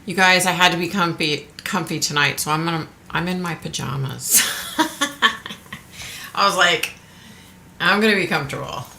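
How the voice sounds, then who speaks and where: Frank, chatty woman with a bright voice. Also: on the low side, normal speed, gravelly, long pauses, a little hiss or hum. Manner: chatty, frank, swears casually. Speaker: livestream host. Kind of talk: casual live chat with viewers. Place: at home.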